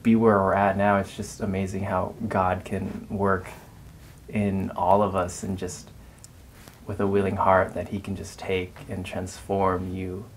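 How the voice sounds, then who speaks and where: A man's voice: low voice, monotone, measured pace, slight background noise, poor audio. A young man earnestly sharing his faith testimony. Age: young adult. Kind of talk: testimony interview.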